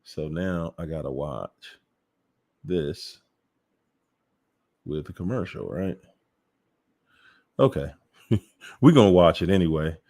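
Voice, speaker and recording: A man's voice: deep voice, lively intonation, a little mellow. A man hosting a casual call-in livestream, chatty and exclaiming as he sets up clips. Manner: slow, chatty, exclaims and laughs often. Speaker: host.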